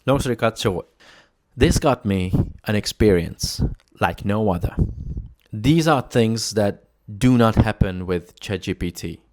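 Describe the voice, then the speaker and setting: A Hungarian man with a Hungarian accent mixed with British English, telling stories to camera in a lively, laughing way. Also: on the low side, measured pace. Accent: Hungarian, with British English traces. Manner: animated, laughing, mimics shouting in anecdotes. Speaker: entrepreneur speaking to camera. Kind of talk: casual storytelling talk to camera.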